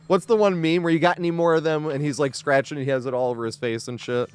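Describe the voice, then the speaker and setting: A man's voice: a little high, fairly even intonation, fast talker, smooth, soft background music. A man streaming a game live, chatting casually with viewers, swearing freely and laughing often as he reacts to play.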